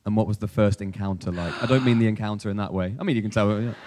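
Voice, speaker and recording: A man's voice: fairly low pitch, fairly even intonation, fast talker, darkish tone, slight background noise. A man, interviewing a guest on stage and asking playful, teasing questions.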